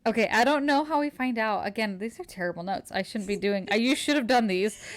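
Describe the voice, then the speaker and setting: A woman's voice: a little high, fairly quick. A woman co-hosting a podcast, casually retelling a novel's plot with lots of "like" and acted-out dialogue. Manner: animated storyteller, acts out dialogue, frequent "like". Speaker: podcast co-host. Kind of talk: casual book recap chat.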